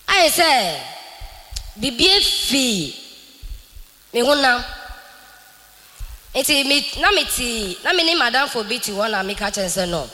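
A woman telling an animated church testimony, mixing in English. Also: mid-range voice, long reverb tail. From Ghana. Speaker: church member giving testimony.

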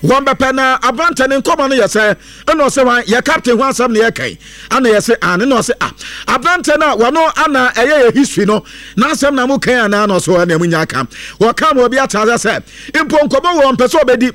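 Man, very high voice, dry close sound, football news chat, sing-song lilt. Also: fairly quick, no echo. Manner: lively, mixes English into Akan, sing-song lilts and bursts of laughter.

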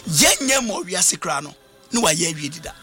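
A man's voice: on the high side, big pitch swings, a little fast, bright, forceful tone, soft background music. A man preaching a sermon, emphatic, switching languages and repeating phrases. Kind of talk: sermon with interpreter.

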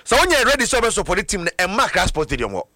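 Ghanaian host, man, lively and bright, dry close sound. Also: high voice, racing, dry recording. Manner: animated, jumps between Twi and English. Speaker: sports show host. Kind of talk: casual sports chat.

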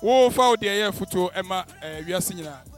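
A man's voice: high-pitched, animated, normal speed, faint music behind. A man hosting a promotional event as MC, upbeat and hyping the crowd. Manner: upbeat, hyping, switching into English.

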